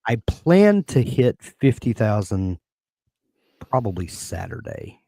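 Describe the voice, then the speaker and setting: A man with a very low voice co-hosts a casual live-stream chat. He talks in a measured, hesitant way, often restarting, heard close and dry. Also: very animated, gravelly, warm tone, no room sound. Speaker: co-host.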